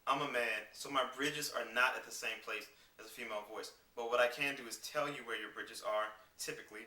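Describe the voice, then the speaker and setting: A man giving a singing lesson, explaining clearly and demonstrating vocal scales on simple syllables. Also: mid-range voice, steady tone, brisk, few pauses, recorded from a distance. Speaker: singing teacher. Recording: roomy sound with piano behind. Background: piano accompaniment.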